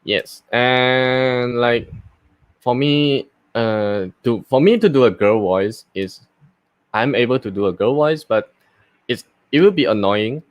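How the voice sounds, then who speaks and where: A voice actor, a man, casually explaining his voice techniques in an unhurried way with many fillers and restarts. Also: mid-range voice, expressive, dry recording. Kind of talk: casual live talk and voice demo.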